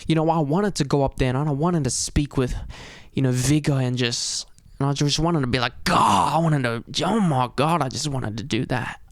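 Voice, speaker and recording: A young man tells a story in a loose, rambling way, packing his talk with "you know," "dude" and "bro." His voice sits at an ordinary pitch and sounds close and dry, with no room around it. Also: fairly quick, a little mellow, dry recording. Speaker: vlogger. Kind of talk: casual storytelling monologue.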